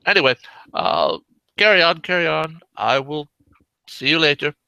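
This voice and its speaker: A man's voice: a little high, animated, normal speed, creaky, bright, forceful tone, clear, resonant tone, dry recording, voice pushed up, heavily acted, low-quality recording. A man voicing the courteous male leader of an underground brotherhood, speaking politely and formally.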